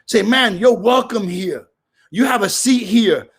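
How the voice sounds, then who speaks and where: A middle-aged man from Brooklyn with a New York accent, sharing at a recovery meeting in a casual, animated way that bursts into shouts. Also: high voice, measured pace, creaky, breathy edge.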